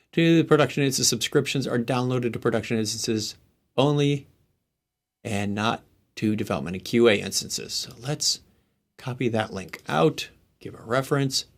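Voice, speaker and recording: A man hosting a casual live tech stream, talking himself through each step and trailing off into muttered asides. He has the hiccups, and his pitch sits in the middle for a man. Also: animated, normal speed. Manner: thinks aloud while typing, muttering asides. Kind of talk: casual screen-share tech walkthrough.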